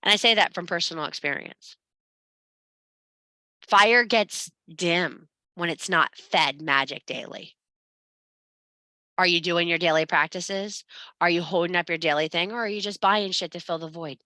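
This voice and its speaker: A woman's voice: lowish voice, measured pace, pauses often, sharp tone, dry recording. A woman teaching a spiritual class, blunt and profane, scolding and urging her students. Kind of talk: blunt motivational class talk.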